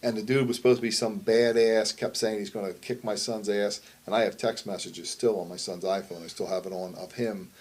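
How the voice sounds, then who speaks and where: A man's voice: lowish voice, fairly even intonation, brisk, few pauses, darkish tone. A middle-aged man, a wrestler and promoter, telling a story in a shoot interview. He speaks bluntly, swears constantly and rambles. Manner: blunt, heavily profane, rambling.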